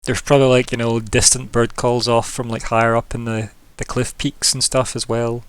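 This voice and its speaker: A man at mid pitch runs a tabletop game over voice chat. He thinks aloud, padding his scene-setting with fillers and loose asides. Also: flat delivery, normal speed, clean tone, no room sound. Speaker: game master. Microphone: computer mic, voice chat.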